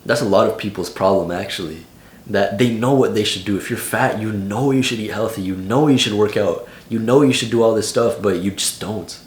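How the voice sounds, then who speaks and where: A man's voice: lowish voice, fairly quick, roomy sound. A young man in his late teens giving casual vlog advice in a loose, slangy way full of "like". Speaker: vlogger.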